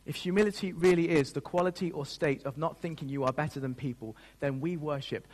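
A man's voice: on the high side, fairly quick, a little mellow. Emotional earnest guy preaching, keeps restarting sentences, long church reverb. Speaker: pastor. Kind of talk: sermon.

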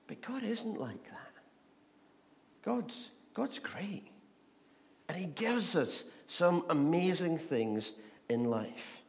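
A man's voice: mid-range voice, very animated, measured pace. A man from Scotland, preaching a chatty sermon full of stories and questions to the audience. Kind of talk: sermon with humorous storytelling.

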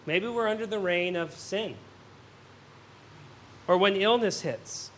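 A male pastor preaching a sermon, earnest, swelling on emphatic questions and dropping soft on somber points, often repeating words as he restarts phrases. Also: high voice, measured pace, long pauses, slight background noise.

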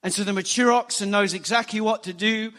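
A man preaching a sermon, animated and emphatic, acting out quoted lines. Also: high voice, a little fast. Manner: animated preaching, rising emphasis, quotes scripture in acted voices. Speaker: pastor.

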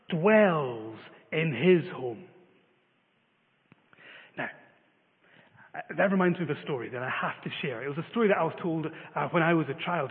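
A man preaching a sermon, telling a story with many filler uhs. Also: a little high. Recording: phone-like reverberant sound.

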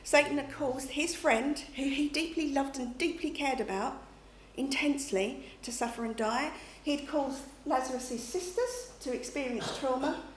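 Middle-aged woman, preacher, conversational and chatty, slightly high voice, roomy echo. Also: moderate pace, hardly any pauses. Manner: chatty, checks in with listeners with "okay?" and "you know". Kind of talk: conversational sermon. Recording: echoey room, faint background noise.

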